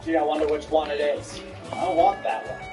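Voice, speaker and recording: A woman's voice: sits low, fairly even intonation, brisk. A woman streamer giving casual let's-play commentary, sarcastic and profane, talking back at the game. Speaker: gaming streamer. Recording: roomy, distant mic with game music.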